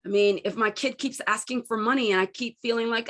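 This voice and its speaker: A woman's voice: fairly high pitch, a little fast, hardly any pauses. Middle-aged woman coaching candidly. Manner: candid, storytelling, animated quoting. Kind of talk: self-help talk to camera.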